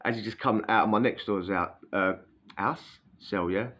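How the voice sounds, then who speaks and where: A man's voice: on the low side, moderate pace, a bit bright. A man telling a story in a chatty, slangy way, often checking in with "yeah?". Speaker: former prisoner telling a story. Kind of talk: casual storytelling.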